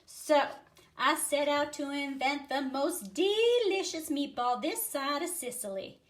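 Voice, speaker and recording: A woman's voice: sits high, animated, unhurried. A woman voicing a talkative dog restaurant owner in a put-on Southern US accent, reading a picture book aloud. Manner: folksy storytelling drawl.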